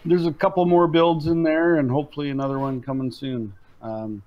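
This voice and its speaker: A man calling into a live stream, giving relaxed, matter-of-fact explanations. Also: on the high side, fairly quick, highs cut off. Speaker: guest on call. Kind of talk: casual live stream chat.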